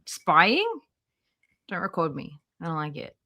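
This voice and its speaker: A woman hosts a relaxed livestream with a bright, forward tone. She chats easily, greets viewers one by one and laughs often. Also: low-pitched, a little slow. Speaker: livestream host. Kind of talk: casual livestream commentary.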